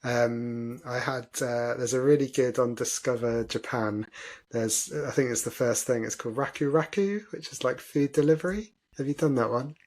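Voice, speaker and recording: A man's voice: medium pitch, fairly even intonation, moderate pace, a little mellow. A man co-hosting a podcast, talking in a thoughtful, hesitant way with frequent ums. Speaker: podcast co-host. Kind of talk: casual chat.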